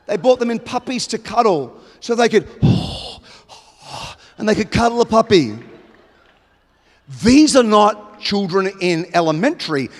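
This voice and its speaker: High-voiced Australian preacher in a hall. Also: male voice. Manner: emphatic, builds to loud exclamations. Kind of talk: sermon. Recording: long hall reverb.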